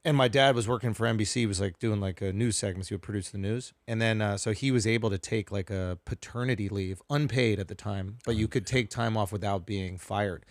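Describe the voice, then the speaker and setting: A man's voice: lowish voice, fairly quick, few pauses, no echo. A man, a comedian, telling stories in a casual podcast chat and swearing freely as he goes. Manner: animated, laughing storyteller who swears freely.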